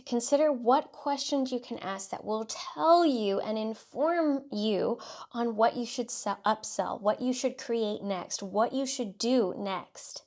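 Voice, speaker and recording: A woman's voice: fairly high pitch, a little slow, darkish tone. Upbeat woman coaching with a light Southern twang. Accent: light Southern US country twang. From South Texas, US. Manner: upbeat, coaching, direct second-person instructions with frequent "okay" and "let's say". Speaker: podcast host and marketing consultant. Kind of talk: solo instructional podcast.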